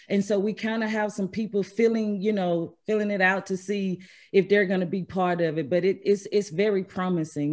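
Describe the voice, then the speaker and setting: A woman from Mississippi speaks over a video call, telling her own story in an earnest, measured way. She leans on key words with steady emphasis. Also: mid-range voice. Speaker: storytelling speaker, trauma specialist. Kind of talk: personal story told at an online event.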